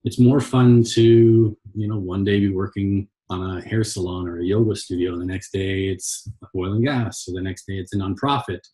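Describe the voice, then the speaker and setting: A man from Canada, an agency owner, talking as a guest in a relaxed, halting way with many pauses and restarts. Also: low voice. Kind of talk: casual interview chat.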